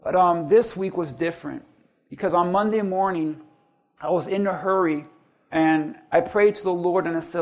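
Male pastor, middle-aged, high-pitched, storytelling preacher who rises to bursts of emphasis. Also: moderate pace. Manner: storytelling, rising to emphatic peaks. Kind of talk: sermon.

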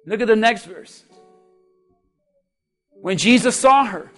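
Male pastor, strikingly high voice, fervent preaching, soft music behind. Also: lively intonation, slow pace. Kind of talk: sermon.

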